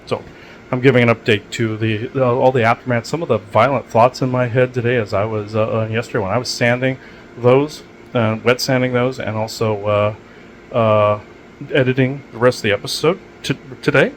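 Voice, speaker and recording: Speaking at medium pitch with a steady tone and moderate pace, a channel host delivers a loose, casual monologue. Slight background noise is present, and he uses many fillers and restarts while calmly relating odd experiences.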